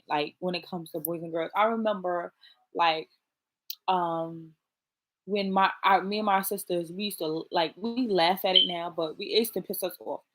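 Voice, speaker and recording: A woman's voice: lowish voice, fairly bright tone. A woman chatting casually to her viewers, blunt and profane, talking straight to them. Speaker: vlogger. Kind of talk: casual chat to camera.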